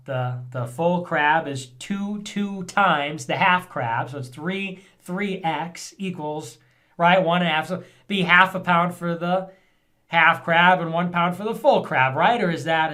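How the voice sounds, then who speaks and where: A man hosting a vlog in a casual commentary style, rambling, sarcastic and thinking out loud. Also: on the high side, unhurried. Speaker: vlog host reading viewer messages.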